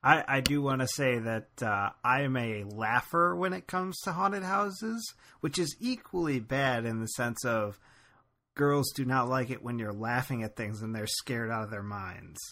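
A man's voice: mid-range voice, lively intonation, measured pace, sharp tone. A man co-hosting a casual podcast, easygoing, telling wry anecdotes. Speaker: podcast co-host. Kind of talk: casual chat.

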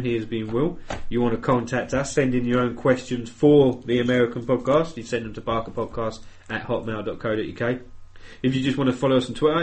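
A young man from England with a London-tinged Essex accent, co-hosting a podcast in casual, jokey banter full of swearing. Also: mid-range voice. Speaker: podcast co-host.

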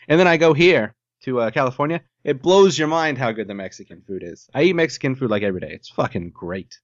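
A man co-hosts a podcast in loose, rambling chat, cracking jokes and swearing now and then. His voice sits at an everyday pitch. The recording is dry and a little dull, with a lo-fi sound. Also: lively intonation, quick pace, dry recording. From Ohio, US. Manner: rambling, jokey, swears casually. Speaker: podcast co-host. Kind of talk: casual chat.

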